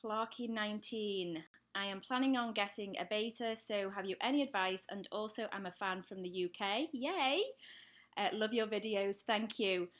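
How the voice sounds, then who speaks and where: A woman from England with an English accent hosts a live stream for her pet channel from home in daylight, reading out viewer comments and answering them as she chats. Her voice is medium-pitched with a fairly bright tone, at normal speed.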